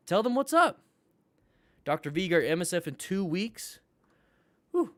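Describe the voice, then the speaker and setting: A motorcycle riding instructor teaches a live-streamed class reviewing riding videos, speaking in a voice on the high side, very animated and a little slow with long pauses. The recording is dry, and he jokes with viewers while coaching upbeat.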